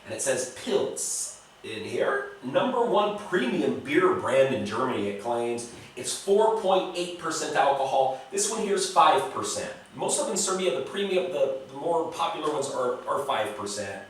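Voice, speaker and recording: A man's voice: fairly high pitch, sing-song, normal speed, far from the mic, slight background noise. An American man reviewing beers in a casual vlog, blunt and profane, talking straight to the viewer, in a home recording. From United States. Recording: very echoey room, voice a bit off-mic.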